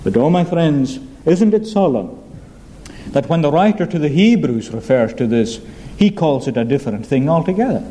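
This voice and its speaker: A man's voice: fairly high pitch, animated, moderate pace, mellow, a little hiss or hum, poor audio. A male preacher giving a sermon, emphatic, asking rhetorical questions and repeating key phrases.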